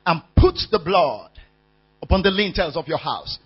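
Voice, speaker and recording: A man preaching a sermon, calling out questions to the congregation and shouting key words. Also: high-pitched, big pitch swings, normal speed, breathy edge, soft background music. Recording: dull lo-fi sound with mains hum.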